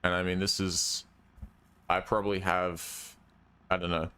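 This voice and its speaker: Streaming a driving game, a young working-class Western Australian man chats casually in a low, clear, resonant voice that sounds pushed and bright. He speaks unhurriedly with little pitch movement, rambling hesitantly and trailing off with "I don't know."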